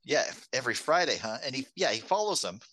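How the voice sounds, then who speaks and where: A co-host talks through a film plot on a relaxed podcast, mid-range in pitch. The humor is wry, and laughter comes easily. The recording is dry, with no room sound. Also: fast, dry recording. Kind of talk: casual film discussion.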